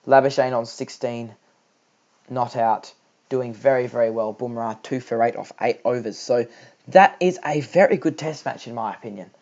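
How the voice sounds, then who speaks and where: A man's voice: medium pitch, normal speed, darkish tone, highs cut off. A young Australian man giving homemade live cricket commentary, chatty and rambling with lots of fillers.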